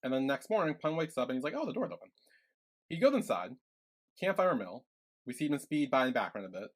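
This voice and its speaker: A man's voice: medium pitch, sing-song, fast talker. A young man co-hosting a podcast, retelling scenes from a series in a loose, filler-heavy way. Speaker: podcast co-host. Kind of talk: casual recap chat.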